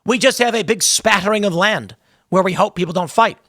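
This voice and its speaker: A man's voice: sits high, brisk, sharp tone. A man giving opinionated political commentary, emphatic, often stumbling over and repeating words.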